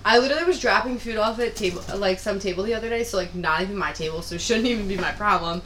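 A young woman co-hosting a casual chat, telling animated stories and swearing freely. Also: medium pitch, racing, a little hiss or hum. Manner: animated, swears freely, acts out quotes in loud voices. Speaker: podcast co-host.

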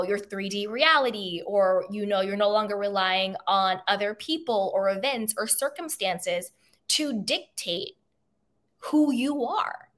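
A woman's voice: medium pitch, a bit bright. A woman hosting a self-help podcast, talking in an emphatic, motivational way and repeating key phrases for effect. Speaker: podcast host.

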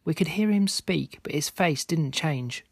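A man reading a scripted spooky story aloud in a steady, measured way. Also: a little high, creaky, slightly rough, no echo, clean studio sound. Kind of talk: scripted narration.

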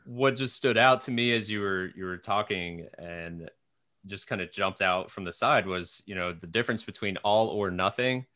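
A man's voice: lowish voice, normal speed, bright, forceful tone, no echo, studio quality. A man hosting a casual interview, talking in an encouraging, motivational way. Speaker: podcast host.

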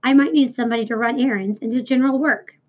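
A woman voicing a clever, gentle female spider who speaks softly and firmly. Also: on the high side, close to an everyday voice. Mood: decisive. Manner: soft, measured. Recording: dull lo-fi recording, a little distant at times.

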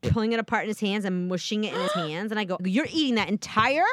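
A woman's voice: medium pitch, fast, no echo, studio quality. A woman in her thirties chatting casually, telling a story and acting out the dialogue in different voices, with frequent laughs. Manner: animated, acts out quoted dialogue in voices, laughs often.

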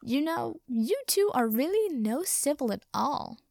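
A woman voicing a cheerful, condescending male wizard villain with a lifted pitch. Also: big pitch swings, unhurried, gravelly, a little mellow, no room sound, clean studio sound, heavily acted. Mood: cheery.

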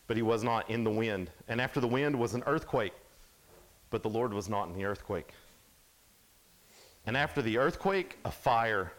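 A young adult man giving a casual, animated sermon at a youth camp, sometimes dropping to a hush. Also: medium pitch, moderate pace, long pauses. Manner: casual, animated storytelling, drops to hushed tones.

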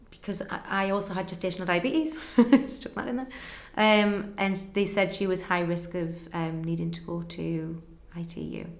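A young woman, a guest in an interview, earnestly tells a personal story and acts out conversations in quick back-and-forth. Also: mid-range voice. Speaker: guest telling her story. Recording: roomy echo.

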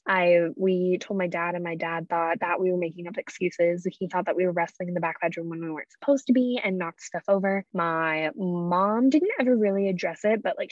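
A young adult woman telling a story of her own in a casual, chatty way, full of "like" fillers and hushed quotes. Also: on the low side, no room sound, muffled recording.

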